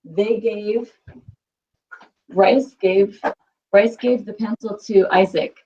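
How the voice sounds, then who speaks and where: A woman's voice: mid-range voice, fairly even intonation, slow pace, mellow, highs cut off. A woman teaching a Spanish class, patiently quizzing students and repeating their answers.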